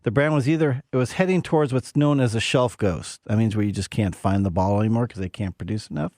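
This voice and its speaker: A man's voice: lowish voice, fast talker, darkish tone, dry recording, studio quality. A man co-hosting a radio show, telling stories in a playful, chatty way. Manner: storytelling, playful. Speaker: whiskey segment co-host. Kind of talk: casual radio chat.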